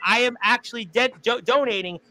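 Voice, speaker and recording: A man hosting a casual wrestling talk show, excitable and quick to laugh. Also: extremely high pitch. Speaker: host. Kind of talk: casual podcast chat.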